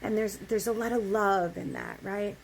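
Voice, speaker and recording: A woman's voice: mid-range voice, fairly even intonation, normal speed, vocal fry, slight background noise, rough recording. A woman giving an impassioned spiritual monologue, emphatic, often repeating words, swearing casually and asking "right?". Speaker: spiritual speaker.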